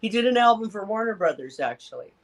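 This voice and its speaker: A man's voice: sits high, animated, fast, fairly bright tone. A man co-hosting a talk radio show, chatting casually and laughing easily. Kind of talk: casual chat.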